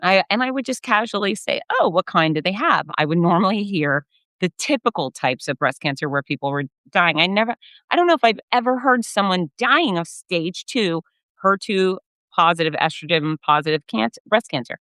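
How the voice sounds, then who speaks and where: A middle-aged woman hosting her own fitness podcast, telling a personal story in a candid, animated way with some blunt swearing. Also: on the low side, moderate pace, dry recording. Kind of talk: casual solo storytelling.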